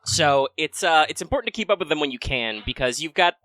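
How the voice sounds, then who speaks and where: A man hosting a casual live-streamed game podcast, chatty and quick through sponsor reads. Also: fairly high pitch, expressive, pushed and bright, no echo. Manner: chatty, fast patron list reading. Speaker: podcast host.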